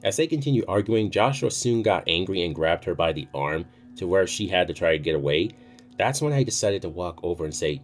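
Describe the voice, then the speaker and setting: Low-voiced man telling a story. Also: animated, a little fast. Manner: casual, swears freely. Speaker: storytime youtuber. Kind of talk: casual storytelling. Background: faint music.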